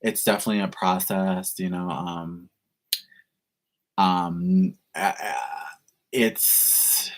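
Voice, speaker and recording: A man's voice: deep voice, fairly even intonation, takes it slowly, long pauses. A man hosting a reaction channel, answering viewer questions in a casual livestream chat, gushing and chatty with lots of "like". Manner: effusive, gushing, heavy use of "like".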